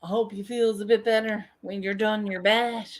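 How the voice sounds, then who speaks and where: A woman's voice: mid-range voice, flat delivery, moderate pace. A woman hosting a casual livestream, joking and swearing freely as she chats with viewers. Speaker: livestream host.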